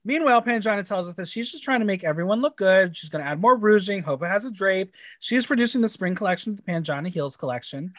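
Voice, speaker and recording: Lively, high-voiced podcast host. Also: male voice, quick pace, few pauses, dry recording. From United States. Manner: animated, laughs often, camp and swearing. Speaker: podcast co-host recapping a TV show. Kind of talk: casual chat.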